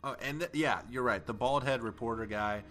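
A man in casual podcast chat about a film, animated and profane, often laughing. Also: medium pitch, fairly quick. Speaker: podcast co-host. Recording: music playing underneath.

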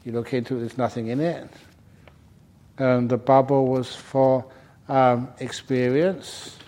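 A man's voice: mid-range voice, a little mellow. A man, a monk teaching at a retreat, answers questions in a dharma talk and tells humorous stories, often chuckling at them. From United Kingdom. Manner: humorous storyteller, chuckles at his own stories.

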